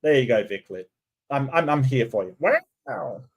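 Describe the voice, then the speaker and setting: A man's voice: mid-range voice, animated, a little fast. An Australian man hosting a reaction commentary, talking in a sarcastic, mocking way. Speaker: commentary host.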